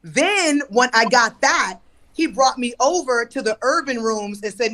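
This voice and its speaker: Bright-voiced woman comic. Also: a little high, lively intonation, measured pace. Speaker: comedian. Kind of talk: casual chat.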